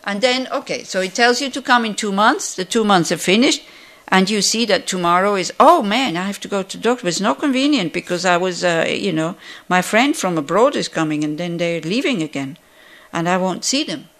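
Woman, Buddhist teacher, conversational, rhetorical questions, medium pitch. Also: lively intonation, a little fast, a bit bright. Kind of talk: Dharma teaching to a class.

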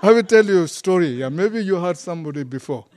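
A man teaching as a Buddhist monk, speaking halting English that is not his first language, often pausing to find a word and chuckling through his points. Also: sits high, lively intonation, darkish tone. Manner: broken English, often gropes for words. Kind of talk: dharma talk to a group.

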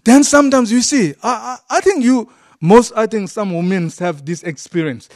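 A man teaching as a Buddhist monk, speaking halting English that is not his first language, often pausing to find a word and chuckling through his points. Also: high voice, a little mellow. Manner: broken English, often gropes for words. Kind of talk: dharma talk to a group.

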